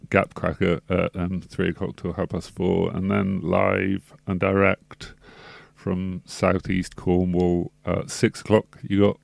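A man's voice: low-pitched, level tone, takes it slowly, gravelly, a little mellow, no room sound. A man, a radio DJ rambling through a laid-back sign-off with many fillers. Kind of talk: casual radio sign-off chat. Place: radio studio.

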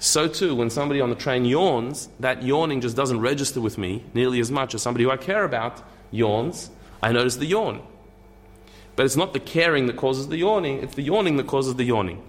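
A man's voice: medium pitch, animated, fairly quick. A man giving a conversational lecture, thinking aloud with repeated words and restarts and tossing in wry asides.

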